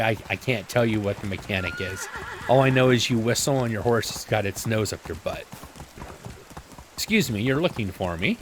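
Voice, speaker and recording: Chatty low-voiced man narrating gameplay. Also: slight background noise. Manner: chatty, self-mocking, rambling asides. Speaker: gameplay video host. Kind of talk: casual let's-play commentary. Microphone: desk microphone.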